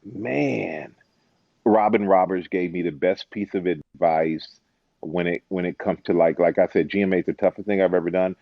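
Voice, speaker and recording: A man with a low, creaky voice speaks at normal speed on a dry, slightly dull recording with little room sound. A former football player and TV host, he's an interview guest in a casual chat, telling lively stories, laughing, and acting out other people's voices when he quotes them.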